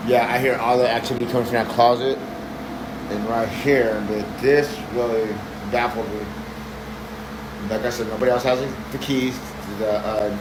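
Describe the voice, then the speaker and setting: A man from Oakland, California, talks hesitantly into his phone while filming an empty apartment. He rambles and sounds spooked. The bare room echoes, and a loud steady noise fills the background. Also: mid-range voice. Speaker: maintenance worker filming a property. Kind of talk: casual handheld phone video. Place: empty apartment unit indoors.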